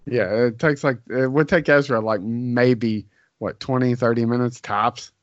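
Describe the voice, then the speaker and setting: A man chatting casually in a slow, halting, hesitant way. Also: mid-range voice, fairly even intonation, no echo. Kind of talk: casual chat. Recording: dry, dull lo-fi sound.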